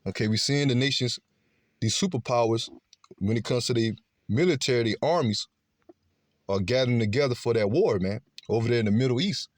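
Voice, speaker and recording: A man's voice: mid-range voice, fairly quick, no room sound, clean studio sound. A man preaching a scripture-based sermon, emphatic, often adding "okay" and "man". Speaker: street preacher.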